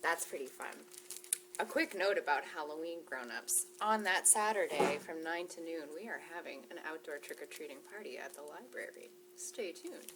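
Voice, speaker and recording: A woman's voice: low voice, lively intonation, normal speed, noisy background. Sing-song woman reading to toddlers. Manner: sing-song, exaggerated, playful, with whispers and gasps. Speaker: children's librarian. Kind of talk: toddler storytime reading and rhymes.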